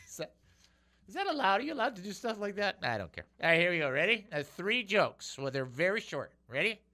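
Lively, bright-voiced radio host. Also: male voice, high voice, brisk. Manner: animated and joking, reads scripture aloud. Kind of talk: call-in radio and Bible teaching.

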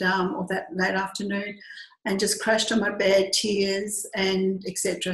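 Australian woman, middle-aged, earnest storyteller, echoey room. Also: medium pitch. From Western Australia. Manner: earnest, reflective, acts out quoted dialogue. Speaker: group tour leader. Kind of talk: personal storytelling talk.

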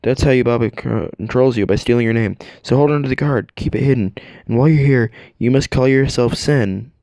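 Calm young spirit boy, a guy doing it in his own voice, reassuring, dry close sound. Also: medium pitch, fairly quick, dry recording, close to an everyday voice. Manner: calm, reassuring, matter-of-fact. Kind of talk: comedic fan dub.

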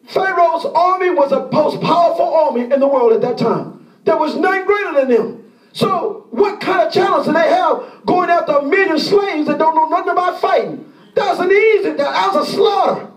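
A man preaching a sermon as pastor, impassioned and often shouting, acting out the pleas of the people he describes. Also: extremely high pitch, moderate pace, echoey room, far from the mic.

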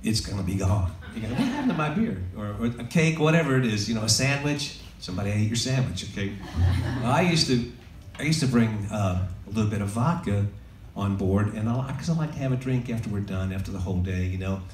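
A songwriter jokes his way through rambling stories for a live crowd between numbers, speaking briskly and expressively in a lowish voice. The recording, made from a distance in an echoey venue with loud music, carries a slight hiss or hum.

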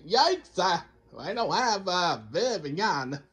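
A man giving excitable let's play commentary, laughing and scolding himself often. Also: high-pitched, slow pace, faint music behind. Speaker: gamer.

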